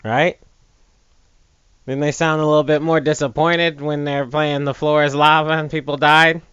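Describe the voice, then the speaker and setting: A man giving casual let's play commentary, joking and mocking the game in an animated way. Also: on the high side, moderate pace, clear, resonant tone, dry recording, lo-fi sound.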